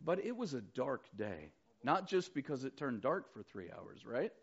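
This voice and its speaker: A middle-aged man preaching a sermon as pastor, conversational and animated as he retells the story. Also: medium pitch, moderate pace, vocal fry, breathy edge, highs cut off.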